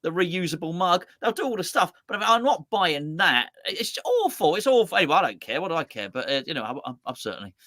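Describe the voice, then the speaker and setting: A man's voice: fairly high pitch, lively intonation, quick pace, few pauses, bright, forceful tone, no room sound, studio quality. A man co-hosting a football fan show, talking emphatically and repeating himself for effect. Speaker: fan channel co-host. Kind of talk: casual football fan chat.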